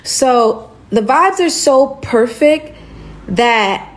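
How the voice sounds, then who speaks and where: A young woman telling a casual storytime story in slangy speech, acting out the dialogue with sudden jumps up in pitch. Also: lively intonation, extremely slow.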